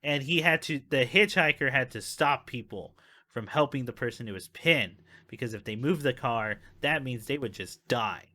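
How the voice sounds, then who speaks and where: Bright-voiced man telling stories casually. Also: medium pitch, moderate pace. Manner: laughing, loose storytelling with swearing. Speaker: podcast co-host. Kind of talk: casual chat.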